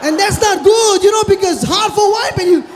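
High-voiced stand-up comic. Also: male voice, a little fast, over a noisy crowd. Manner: animated, shouting punchlines. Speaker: stand-up comedian. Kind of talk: stand-up comedy. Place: hotel showroom stage. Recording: echoey hall, live noise.

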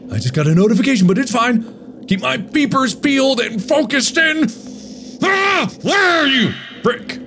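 A man in his thirties playing a horror game on video, swinging between panicked yelling and dry jokey asides. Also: on the high side. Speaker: gaming video host.

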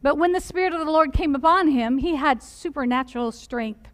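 A woman preaching a sermon in a church, earnestly putting direct questions to her listeners and softening her voice for the gentle points. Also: high-pitched, brisk. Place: church sanctuary.

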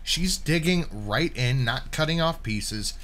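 A man's voice: mid-range voice, animated, a little slow, fairly bright tone, a little hiss or hum. A man hosting a live-stream reaction, mocking what he watches and swearing freely. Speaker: stream host.

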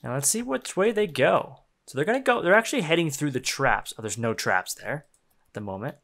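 With a voice on the high side and a fairly quick delivery, a young man commentates casually on the game he's playing. He's excitable and foul-mouthed, laughing often as he gets riled up.

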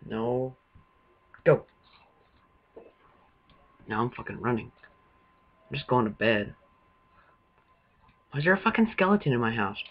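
A man's voice: mid-range voice, big pitch swings, a little slow, pauses often, muffled recording. A man giving jumpy, swearing running commentary while playing a video game. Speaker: gamer. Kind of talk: let's-play commentary.

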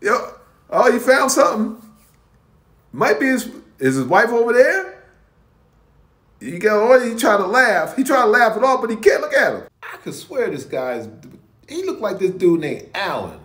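A man with a high, swooping voice gives casual reaction commentary, drifting into stories and chuckling as he goes. The sound bounces around a roomy space. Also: normal speed, pauses often. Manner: chuckling storyteller, animated. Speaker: reaction video host. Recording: roomy echo.

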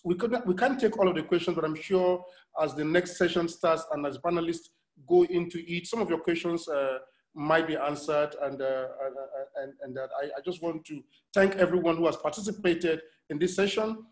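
A man's voice: fairly high pitch, normal speed. A man moderating an online conference panel over a video call, thanking speakers with many hesitant fillers. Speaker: session moderator.

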